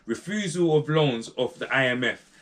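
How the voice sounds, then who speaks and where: A man's voice: medium pitch, lively intonation, moderate pace, fairly bright tone. Slangy young man vlogging. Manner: slangy, digressive, keeps asking viewers to comment. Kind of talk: casual commentary to camera.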